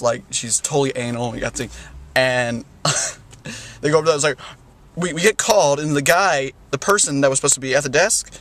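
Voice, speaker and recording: A man's voice: on the high side, fairly bright tone. A young man telling a rambling story in a casual vlog, full of "like" and "you know", often laughing. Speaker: vlogger.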